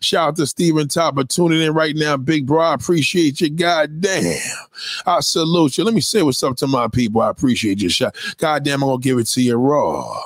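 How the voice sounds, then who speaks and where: A man hosting a livestream, ranting bluntly and lecturing his viewers between shout-outs. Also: on the high side, fairly quick, no room sound, clean studio sound. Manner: blunt and preachy, swears constantly, lectures the chat. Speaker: livestream host. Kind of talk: profane livestream rant.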